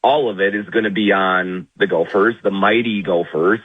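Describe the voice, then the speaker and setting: A man's voice: lowish voice, normal speed, slightly rough. A man calling in as a weekly guest on sports radio, in casual banter with mock-humble sarcasm, over a phone line.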